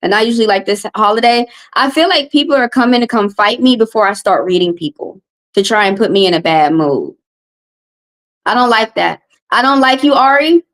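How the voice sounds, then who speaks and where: A woman tarot reader from the American South, hosting a live stream and venting at her chat. Her voice sits slightly high, and she is upset and confrontational and circles back over the same points. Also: animated, fairly quick. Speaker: tarot reader and livestream host. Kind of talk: heated live-stream rant.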